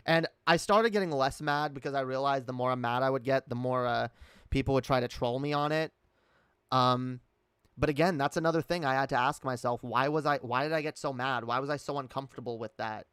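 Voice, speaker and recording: A man's voice: medium pitch, steady tone, a little fast, fairly bright tone, smooth, no echo, studio quality. A man speaking with a put-on British accent in a casual live-stream chat, rambling candidly, reading chat and swearing often. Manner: reads and answers chat.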